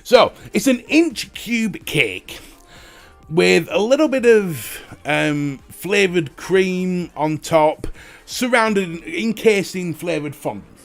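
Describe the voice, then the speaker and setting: A man's voice: high voice, a little slow, gravelly, faint music behind. A male livestream host chatting casually and jokily with viewers, swearing freely. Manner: jokey, animated, swears freely. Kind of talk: casual chat greeting viewers.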